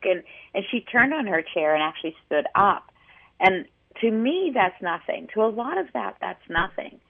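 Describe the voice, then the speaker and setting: A woman co-hosting a radio talk show, telling a story in an animated way with many restarts. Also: medium pitch, moderate pace, gravelly. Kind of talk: casual radio chat, storytelling. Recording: tinny phone-line sound.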